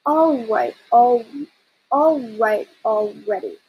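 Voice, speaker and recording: A woman's voice: fairly high pitch, expressive, slow, muffled recording, slight background noise. A woman voicing a bossy, brash little female bird who scolds and wisecracks bluntly in a storybook reading.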